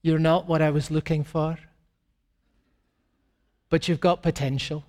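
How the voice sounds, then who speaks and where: A tactless, fussy young man, as a preacher acts him out, bluntly finds fault and makes demands in a fairly high voice. A long hall reverb trails after each phrase. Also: flat delivery, unhurried, darkish tone, close to an everyday voice. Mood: demanding.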